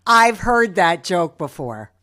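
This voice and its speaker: A woman's voice: fairly low pitch, big pitch swings, takes it slowly, a bit bright. A woman hosting an interview, prompting her guest in an upbeat way. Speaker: host.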